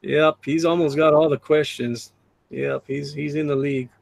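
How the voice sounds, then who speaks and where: A middle-aged man hosts a live drawing stream, chatting casually, reading the chat aloud and laughing often. His voice sits on the high side and is gravelly, with fairly even intonation, normal speed, and no room sound.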